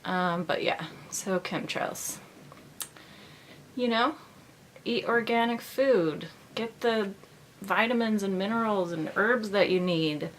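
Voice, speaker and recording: A woman's voice: medium pitch, slow, slight background noise. A woman vlogger talking in a casual, rambling monologue full of "like".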